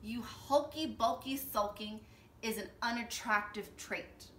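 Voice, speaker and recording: A woman's voice: fairly high pitch, takes it slowly, fairly bright tone, slight background noise. A woman voicing a blunt, straight-talking octopus in a storybook. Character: blunt eight-armed octopus. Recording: roomy echo, distant mic, faint ambience.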